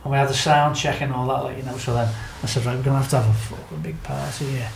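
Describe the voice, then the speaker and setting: A man's voice: medium pitch, fairly even intonation, fast talker, gravelly, echoey room, slight background noise, rough recording. A Scouse man from Liverpool telling a wild story as a podcast guest, laughing often, swearing freely and acting out what people said. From Liverpool, England. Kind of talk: casual anecdote telling.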